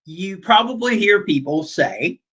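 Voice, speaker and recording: Male teacher, brighter tone, slow deliberate delivery, chatty filler-heavy lecture style. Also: high voice, expressive, slightly rough, rough recording. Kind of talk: casual classroom lecture.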